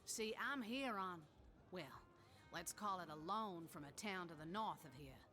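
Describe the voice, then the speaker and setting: Over game music, a woman with a lowish, expressive voice plays a boisterous retired woman warrior with a Southern American accent. She speaks at a measured pace with a sharp tone, folksy and rousing and packed with old sayings.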